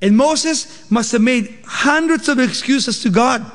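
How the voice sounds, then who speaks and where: Male pastor, sermon, fairly high voice, expository with rhetorical questions, long hall reverb. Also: measured pace.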